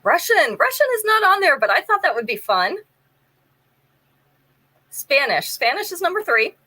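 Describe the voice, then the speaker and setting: A woman's voice: on the high side, bright, forceful tone, rough recording. A woman hosting a live jewelry sale, chatting casually, describing pieces in detail and running a trivia game with viewers.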